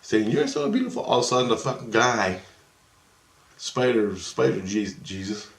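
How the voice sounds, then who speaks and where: A man's voice: on the low side, steady tone, measured pace, creaky, echoey room. A man telling a rambling first-person story with lots of swearing, agitated and jumping into the voices of people in his tale. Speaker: vlogger recounting astral travel.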